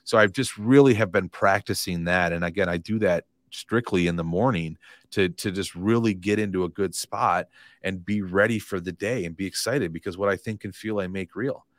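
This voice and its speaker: A man's voice: sits low, moderate pace, no echo, clean studio sound. A man, a real estate coach, talking earnestly in a casual podcast interview, motivational and given to repeating his phrases.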